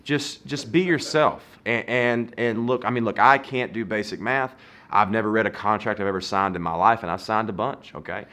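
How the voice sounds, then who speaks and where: Male comic in his 30s, bright tone, animated storyteller, in a garage. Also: lowish voice, moderate pace. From Southern United States. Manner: animated, playful, swings loud and soft. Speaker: comedian. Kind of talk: comedic storytelling.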